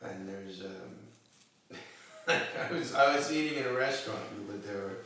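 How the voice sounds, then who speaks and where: A man in relaxed comedic chat who talks very slowly and stops often for fillers. His voice is bright and a little high. It sounds distant and very echoey, with faint noise behind it. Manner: slow, halting, laughs at own jokes. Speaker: comedian co-host. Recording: echoey room, distant mic.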